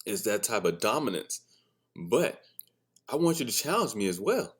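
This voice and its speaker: A man's voice: on the low side, sing-song, moderate pace, slightly rough. A man hosting a casual solo podcast, telling candid stories as a father, swearing freely and laughing often at his own remarks. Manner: blunt, candid storytelling. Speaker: podcast host; father of a son and a daughter.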